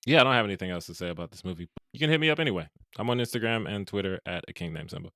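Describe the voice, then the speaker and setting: Fast-talking man hosting a podcast. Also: low-pitched, lively intonation, pushed and bright, no room sound, clean studio sound. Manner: fast, joking, laughs often. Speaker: podcast host. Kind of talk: casual chat.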